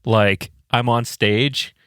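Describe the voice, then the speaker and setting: A man co-hosting a casual podcast chat, telling animated stories and acting out quoted voices with plenty of swearing. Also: medium pitch, very slow, smooth, no room sound, studio quality. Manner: animated storyteller who acts out quotes with lots of swearing. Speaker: band member and podcast co-host.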